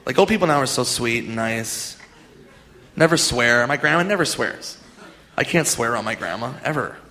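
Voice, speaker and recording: A man's voice: medium pitch, animated, normal speed, bright, forceful tone. A young man doing a stand-up comedy set, rambling, swearing and laughing at his own jokes, recorded live in a comedy club. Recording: live club with audience noise.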